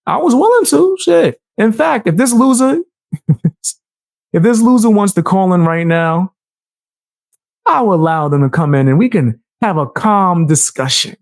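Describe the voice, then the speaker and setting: Animated, profane, gravelly-voiced man. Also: high-pitched, unhurried, no room sound, clean studio sound. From United States. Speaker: streamer reacting to a video. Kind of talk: live stream reaction commentary.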